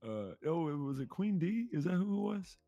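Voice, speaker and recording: A man banters as co-host on a trading stream. His voice swings up and down in a lively way, and he keeps laughing and teasing. The sound is dry and close. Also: on the high side, fairly quick, dry recording, highs cut off. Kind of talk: casual banter.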